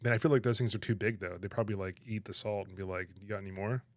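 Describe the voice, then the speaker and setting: A man chatting on his livestream, animated and laughing, protesting in exaggerated disbelief. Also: lowish voice, fast talker, dry recording. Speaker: streamer reacting to chat. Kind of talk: casual livestream chat.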